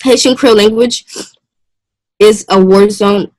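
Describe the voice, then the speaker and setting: A young woman presents to a class in a halting, unsure manner, stopping and restarting her sentences and clearing her throat along the way. Her pitch stays level and even. The sound is dry and close. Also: dry recording, poor audio. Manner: hesitant, halting, with many fillers and restarts. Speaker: student presenter.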